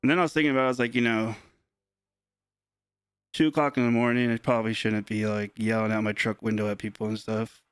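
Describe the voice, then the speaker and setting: A man's voice: lowish voice, level tone, quick pace, clear, resonant tone, dry recording. Young man rambling through a story. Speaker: sports card breaker. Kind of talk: casual chat on a live stream.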